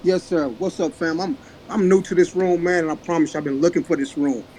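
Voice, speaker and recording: Male caller, 50s, from Oklahoma, high voice, impassioned, faint hiss behind. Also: fairly even intonation, brisk, dark tone, low-quality recording. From Oklahoma, USA. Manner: impassioned, emotional. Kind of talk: casual chat.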